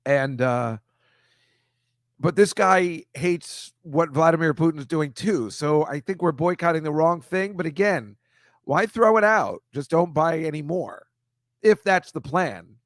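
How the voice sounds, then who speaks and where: A man with a somewhat high voice hosts a comedy show, ranting in an exasperated, casual way as he comments on pictures. His delivery wanders into quick asides and grumbles. The sound is dry and close. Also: no room sound. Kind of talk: casual monologue over pictures.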